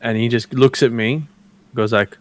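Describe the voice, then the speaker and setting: A man's voice: mid-range voice, steady tone, normal speed. Young man laughing through anecdotes. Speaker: wrestler guest. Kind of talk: casual chat.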